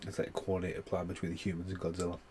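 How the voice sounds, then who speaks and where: A man's voice: deep voice, completely flat delivery, rapid-fire, a little mellow, a little hiss or hum. A man giving a rambling, heavily sworn casual film review, full of fillers. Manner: swears a lot, rambling with many fillers. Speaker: movie reviewer.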